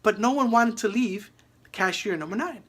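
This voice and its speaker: A man's voice: high-pitched, moderate pace, fairly bright tone, husky. Man giving an emphatic motivational talk. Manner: emphatic, repeats key phrases. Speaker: motivational speaker.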